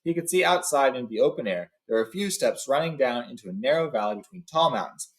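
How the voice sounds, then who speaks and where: A man's voice: mid-range voice, lively intonation, fast. A young adult man retelling a story in a loose, casual way with fillers, then reading passages aloud.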